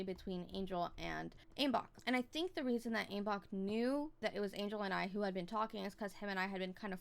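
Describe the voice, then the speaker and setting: A woman's voice: medium pitch, vocal fry, a bit bright, clear, resonant tone. A woman telling a casual storytime vlog, emphatic and heavy on swearing, often slipping into quoting others.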